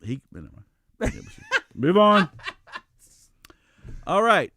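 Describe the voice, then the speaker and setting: A man's voice: high voice, huge pitch swings, slow pace, noisy background. A man co-hosting a live talk stream, chatting casually, blunt and joking, swearing freely. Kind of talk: casual chat.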